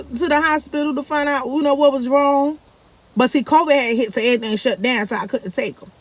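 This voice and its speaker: Woman, chatty vlog storyteller who acts out every quote. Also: fairly quick. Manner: animated, acts out quoted speech with big pitch jumps. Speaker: vlogger. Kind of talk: casual storytelling to viewers.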